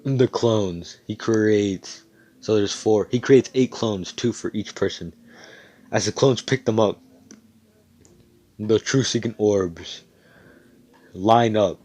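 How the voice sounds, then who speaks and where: A man casually telling a made-up fan story, rambling, swearing often, and getting excited, over a computer mic on voice chat. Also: fairly low pitch, slow pace, pauses often.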